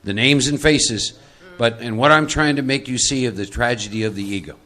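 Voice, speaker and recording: A man's voice: medium pitch, moderate pace, pushed and bright. A man from Texas leading a live recovery workshop, emphatic and teasing, often checking that listeners follow. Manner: emphatic, teasing, asks for agreement.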